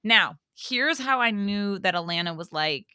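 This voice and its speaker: A young woman hosting a podcast, telling a story in casual chat, animated, full of fillers and swearing. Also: mid-range voice, measured pace, clear, resonant tone, no room sound, studio quality. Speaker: podcast host.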